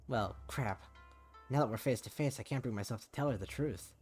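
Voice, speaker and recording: A man's voice: mid-range voice, a little fast, darkish tone, slightly rough, soft background music. Man casually reading a visual novel. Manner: casual reading with swearing asides. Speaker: streamer.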